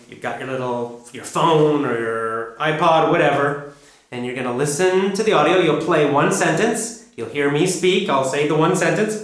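Male English teacher, deliberate and emphatic; slightly high voice, heavy room echo. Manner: emphatic, deliberate, repeats key words. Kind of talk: instructional lesson. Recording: very echoey room.

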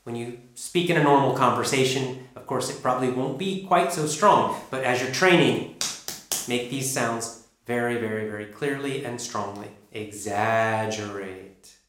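A man teaching an English pronunciation lesson, drilling sounds and words slowly and emphatically. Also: medium pitch, a bit bright, slight background noise. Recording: echoey room.

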